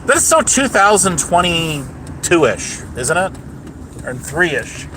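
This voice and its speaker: A man rants from the driver's seat during a livestream, swearing freely and picking fights with viewers as he rambles. His voice sits a little high and rises and falls sharply. Steady car and road noise fills the background. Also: takes it slowly. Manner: profane, combative, rambling. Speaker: livestream host. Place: car, driving home. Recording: noisy car cabin.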